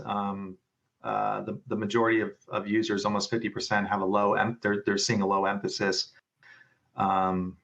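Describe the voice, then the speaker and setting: A man presenting a business webinar on patient care, speaking in a halting way with many restarts and fillers. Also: fairly low pitch, creaky, a bit bright.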